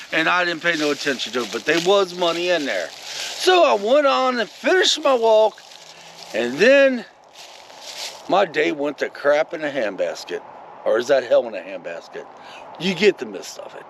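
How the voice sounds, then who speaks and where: Animated high-voiced man telling a story. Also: slight background noise, low-quality recording. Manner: rambling and animated, many asides to viewers. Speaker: vlogger. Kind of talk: casual storytelling vlog.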